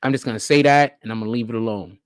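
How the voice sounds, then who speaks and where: A live-stream host giving casual, profane commentary, piling up rhetorical questions and swinging between low mutters and excited high stretches. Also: racing, no echo, clean studio sound. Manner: rhetorical, keeps asking questions, profane slang.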